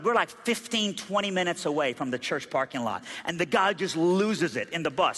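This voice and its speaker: A man preaching a sermon, telling a story with lively, animated delivery and acting out the voices of the people in it. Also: fairly high pitch, a little fast. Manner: animated, acts out quoted voices, rises to loud excited peaks. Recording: long reverb of a large hall.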